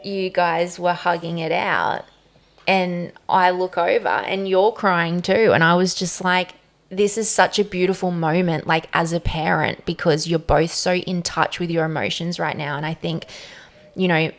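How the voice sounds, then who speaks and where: A woman's voice: lowish voice, little pitch movement, measured pace, creaky. A mother chatting casually on a podcast, using lots of "you know" and "like" and laughing often. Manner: warm-hearted, laughs often, says "you know" and "like" a lot. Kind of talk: casual chat.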